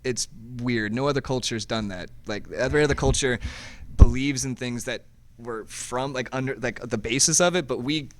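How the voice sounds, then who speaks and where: A man's voice: medium pitch, normal speed. A young American man chatting as a guest, rambling with many restarts and breaking into playful sound effects. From United States. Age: young adult. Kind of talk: casual chat.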